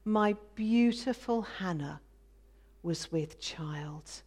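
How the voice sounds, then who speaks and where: A woman's voice: lowish voice, drawn-out words, darkish tone, breathy edge, heavily acted. A woman voicing a tender, devoted husband. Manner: tender, wistful storytelling. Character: gentle loving husband, middle-aged man. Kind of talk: biblical dramatic monologue.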